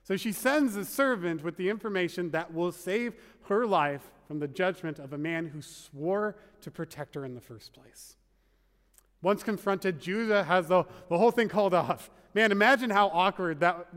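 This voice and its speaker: A pastor preaches a sermon in a conversational, wry manner packed with asides. His voice is high-pitched and fairly bright at a normal speed, and the recording carries the long reverb of a large hall.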